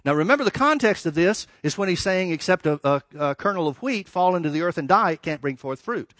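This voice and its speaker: A man's voice: sits high, expressive, a bit bright, dry recording, studio quality. A man preaching a sermon, reading verses and explaining them with emphatic rises and dramatic drops. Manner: emphatic, rising and falling, with dramatic pauses.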